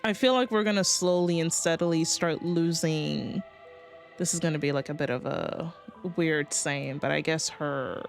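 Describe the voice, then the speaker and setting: A woman's voice: low voice, moderate pace, vocal fry, faint music behind. A woman streamer chatting casually while reading a game story, rambling with fillers and cursing. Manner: rambling, many fillers, swearing, excited outbursts. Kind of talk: casual live-stream commentary.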